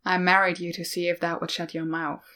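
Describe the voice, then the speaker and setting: A woman reading a gruff, steady older male warrior, blunt and dry. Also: lowish voice, brisk. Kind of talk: audiobook-style fan fiction reading.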